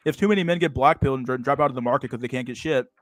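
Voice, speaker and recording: A man's voice: medium pitch, rapid-fire, dry recording, faint music behind. A young man hosting a casual livestream, with profane, slang-heavy talk full of "dude" and "bro" and frequent restarts. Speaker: livestream host.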